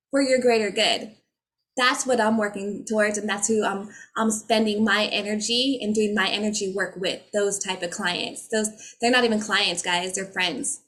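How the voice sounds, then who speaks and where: A woman's voice: mid-range voice, a bit bright. A woman speaking as a spiritual energy healer, in a casual, heartfelt talk to her viewers, effusive and rambling with frequent restarts.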